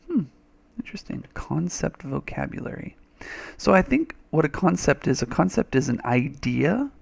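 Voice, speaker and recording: A man's voice: on the high side, very animated, moderate pace, creaky. A man teaching a reading lesson over a screen recording, chatty and thinking aloud, with little playful sound effects.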